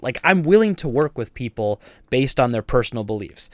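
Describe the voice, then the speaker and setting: A man co-hosting a podcast, ranting in a casual, animated and exasperated way about store customers. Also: fairly high pitch, fast talker, hardly any pauses, dry recording, clean studio sound. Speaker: podcast co-host and store owner.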